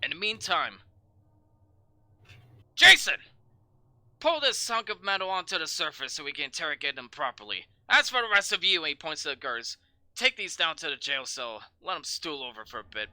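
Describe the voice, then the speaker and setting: A man voicing a gruff, angry middle-aged sergeant who barks threats and curses at his crew. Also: a little high, very animated, moderate pace, few pauses, sharp tone, no echo. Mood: furious. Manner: barking, threatening, cursing.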